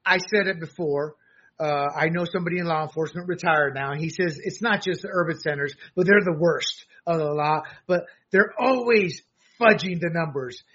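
A man co-hosting a political talk show, animated and sarcastic, often laughing and acting out mocking quotes. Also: on the high side, normal speed, breathy edge, muffled recording. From abroad, a country once under dictators. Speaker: co-host.

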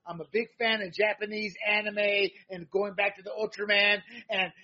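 A man hosting a political podcast from a room at home, with energetic, playful sign-off patter. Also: high voice, normal speed, dull audio. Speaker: podcast host. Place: home room with figurines behind.

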